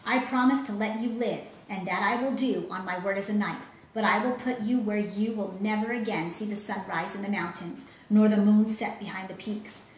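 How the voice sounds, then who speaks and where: A woman's voice: medium pitch, fairly even intonation, normal speed, few pauses, a little hiss or hum, close to an everyday voice. A woman voicing a cruel, scornful male governor who mocks and threatens, in a storybook reading. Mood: angry. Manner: mocking, gloating. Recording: roomy echo.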